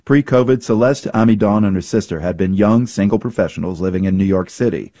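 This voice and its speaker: Male radio host, deep and warm, dry booth, measured delivery. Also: dry recording. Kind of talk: scripted radio introduction.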